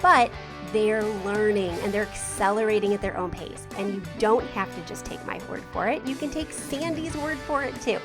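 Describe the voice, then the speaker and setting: A woman podcast host talking in a chatty, enthusiastic way. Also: medium pitch. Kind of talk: podcast ad read and talk. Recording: music bed behind voice.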